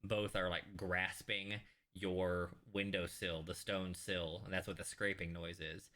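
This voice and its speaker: A man narrating a tabletop game as dungeon master, relaxed and halting, with many fillers. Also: sits low.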